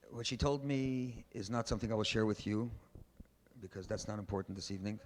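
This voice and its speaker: A man's voice: medium pitch, creaky. A man preaching as a rabbi, telling a story and pushing his points with emphatic, preachy bursts. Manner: emphatic, preachy, builds to loud exhortations. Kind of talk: sermon with storytelling. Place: large synagogue hall. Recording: faint background noise, archival event recording.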